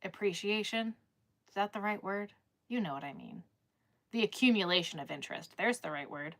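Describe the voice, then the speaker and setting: A woman's voice: mid-range voice, animated, normal speed. A woman chatting casually on a live stream, rambling with lots of restarts and filler words.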